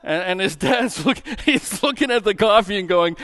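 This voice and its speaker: A middle-aged male pastor telling a story in a sermon, animated and acting out the voices in it. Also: high-pitched, normal speed, few pauses. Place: church.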